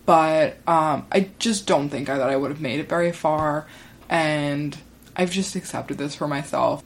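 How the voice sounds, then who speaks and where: A woman's voice: low voice, a little slow, slight background noise. A woman hosting a solo podcast, talking in a chatty, rambling way with lots of "like" fillers. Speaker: podcast host. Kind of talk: casual solo monologue.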